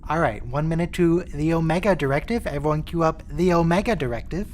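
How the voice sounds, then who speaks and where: A man's voice: a little high, brisk, a little hiss or hum. A man hosting a casual watch-along voice chat who jokes dryly and counts down playback. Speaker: stream host. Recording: voice chat call.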